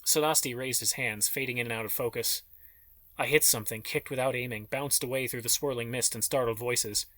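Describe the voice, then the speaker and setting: Bright-voiced male audiobook narrator. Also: medium pitch, steady tone, a little fast, no room sound. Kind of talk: scripted narration.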